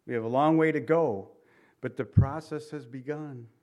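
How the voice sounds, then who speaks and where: A middle-aged American man preaching a sermon as pastor, talking conversationally with rhetorical questions and dropping softly for emphasis. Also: medium pitch, moderate pace. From United States.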